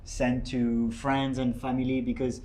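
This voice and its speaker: A man's voice: mid-range voice, level tone, measured pace, mellow, rough recording. A man hosting a podcast, speaking in an eager, appreciative way during a casual chat. His voice sits in a middle register. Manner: enthusiastic and appreciative. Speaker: podcast host.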